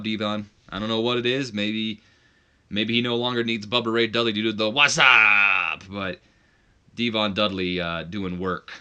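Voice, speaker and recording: Man, casual game commentary, rambling, low voice, bright tone. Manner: laid-back, rambling, chuckling asides. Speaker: gaming video host.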